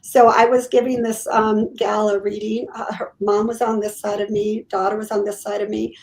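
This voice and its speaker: A middle-aged woman, a psychic medium guest, telling her stories in an animated, casual way and acting out the quotes. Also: medium pitch, moderate pace, rough recording. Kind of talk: casual storytelling in an interview.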